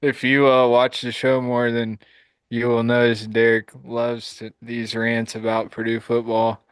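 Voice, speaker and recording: A man's voice: medium pitch, completely flat delivery, measured pace, clean tone, no echo. A man co-hosting a live sports podcast, laid-back and teasing his co-host.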